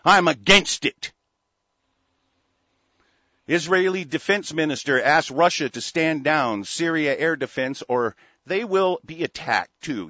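Cussing man on a talk show, ranting hard, kinda high voice, muffled dry recording. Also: fairly bright tone, no echo. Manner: angry, swearing, stammering restarts. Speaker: radio show host. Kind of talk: profane political rant.

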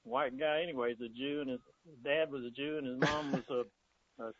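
A man chiming in quietly with a casual remark. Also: medium pitch, fairly even intonation, normal speed, no echo. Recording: tinny phone-like line.

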